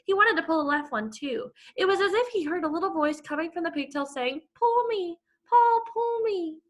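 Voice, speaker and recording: Expressive high-voiced woman reading aloud. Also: fast talker. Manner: expressive storytelling. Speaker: teacher. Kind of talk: reading a chapter book aloud.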